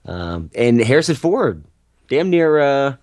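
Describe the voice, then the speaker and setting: A man's voice: medium pitch, very animated, slow, darkish tone, no echo, studio quality. A man co-hosting a movie podcast, rambling and joking with sarcastic asides. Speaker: podcast co-host. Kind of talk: casual movie podcast chat.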